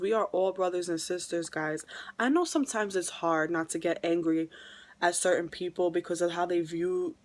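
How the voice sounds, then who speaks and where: New woman, vlogger, heartfelt testimony delivery, repeats herself for weight. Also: on the low side. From New York. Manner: emotional, repeats phrases for emphasis. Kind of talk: earnest religious testimony vlog.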